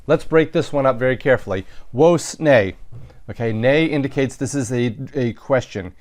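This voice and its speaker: A man's voice: mid-range voice, moderate pace, darkish tone. A man teaching a recorded lesson, explaining sentences step by step in a methodical way, with some fillers and self-corrections. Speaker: Latin teacher. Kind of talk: recorded lecture walking through sentences.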